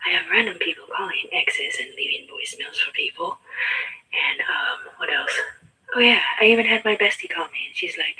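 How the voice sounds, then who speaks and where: A woman's voice: medium pitch, big pitch swings, brisk, pushed and bright, breathy edge, poor audio. A woman talking to camera in a rambling, mostly whispered monologue that keeps repeating itself. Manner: repetitive, insistent.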